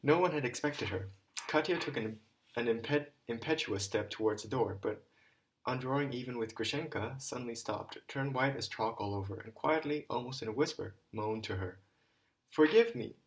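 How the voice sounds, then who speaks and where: A man's voice: medium pitch, moderate pace, low-quality recording. A man reading a classic novel aloud as an amateur audiobook narrator, with occasional stumbles and rereads. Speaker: audiobook reader.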